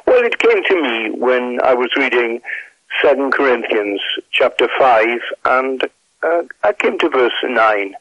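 A retired Welsh pastor in his eighties with a slight mid-Atlantic tinge, speaking in a measured, hesitant way full of fillers. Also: mid-range voice, animated, a bit bright, no room sound, lo-fi sound. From Wales. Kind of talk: reflective conversational interview.

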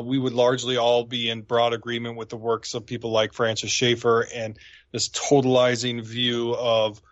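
A man's voice: medium pitch, no echo, highs cut off. A man, a pastor, is a guest on a talk program, explaining theology in an earnest, explanatory way.

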